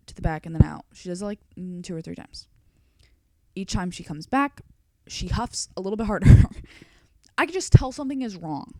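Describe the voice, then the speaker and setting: A woman's voice: lowish voice, a little mellow, no echo. Young woman, casual storytime vlog, filler-heavy emotional delivery, dry recording. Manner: chatty and emotional, heavy use of "like". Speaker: vlogger.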